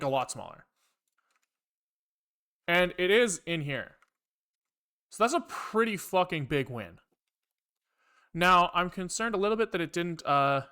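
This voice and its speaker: High-voiced man thinking aloud while coding. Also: bright, forceful tone. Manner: rambling, thinking aloud, profane, wry asides to chat. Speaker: programming livestreamer. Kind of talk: casual live coding talk.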